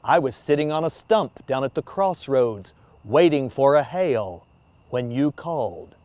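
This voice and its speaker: A man playing Death as a calm, measured figure. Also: medium pitch, no echo, natural voice. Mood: ominous. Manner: quiet, measured. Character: Death, calm, low, male spirit.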